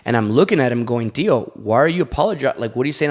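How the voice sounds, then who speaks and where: Guy on a podcast telling personal stories, pretty open about it, normal pitch. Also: expressive, fast, few pauses. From Latin American background. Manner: candid storytelling. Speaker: podcast guest. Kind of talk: casual podcast chat.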